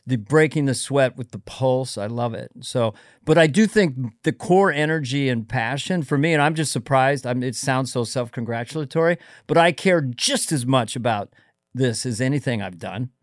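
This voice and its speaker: A man's voice: mid-range voice, lively intonation, moderate pace, no room sound, clean studio sound. A middle-aged man in casual chat, eager and digressive, often breaking off mid-sentence. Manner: eager, digressive, self-interrupting.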